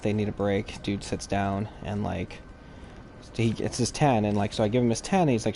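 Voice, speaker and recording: Profane low-voiced man telling stories, noisy stream. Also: fairly quick, gravelly. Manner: profane, animated storytelling with acted quotes. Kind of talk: casual chat while gaming.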